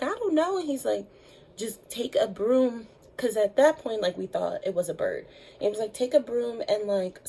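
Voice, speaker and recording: A woman's voice: warm tone, slightly rough, low-quality recording. Chatty young woman telling a story. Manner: chatty, lots of fillers, acts out quotes in higher voices. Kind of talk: casual storytime chat.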